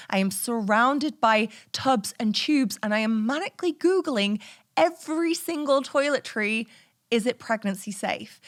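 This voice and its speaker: A woman in her thirties talks straight into the mic, telling a personal story with a frank, animated delivery. Her voice sits at a middle pitch, and she swears casually and laughs her way through the tale. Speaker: podcast host. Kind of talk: candid storytelling monologue.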